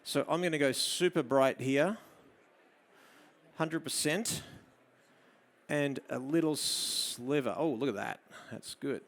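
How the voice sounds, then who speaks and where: A man with an Australian accent giving a live photography demo, explaining his camera settings and coaxing a model with soft murmured praise. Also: mid-range voice, takes it slowly, long pauses. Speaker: photography presenter. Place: studio demo before an audience.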